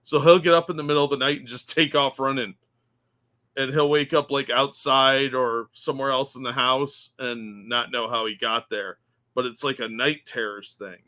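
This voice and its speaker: A man co-hosting a casual podcast who explains stories in a chatty, joking way. His tone is bright and forceful, at a middling pitch. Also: steady tone, normal speed. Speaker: co-host.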